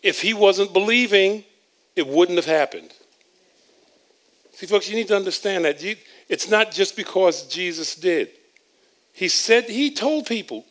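A man preaching a sermon, repeating and restarting words as he swings between loud emphatic lines and quiet asides. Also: high voice, expressive, measured pace, pauses often.

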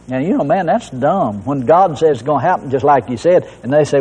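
Animated preacher man in a reverberant hall. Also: quick pace, hardly any pauses, husky. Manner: animated, swings high when stressing a point. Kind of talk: recorded sermon.

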